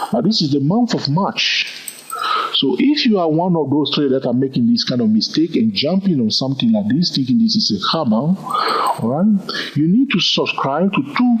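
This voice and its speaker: A man's voice: a little high, slightly rough. A man teaching a chart walkthrough lesson on trading, counting moves aloud and often checking in with the viewer. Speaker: trading instructor. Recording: dull lo-fi recording.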